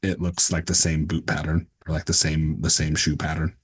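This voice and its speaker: A man's voice: very deep voice, completely flat delivery, brisk, slightly rough. A man running a tabletop game as game master, describing scenes and rules with many fillers.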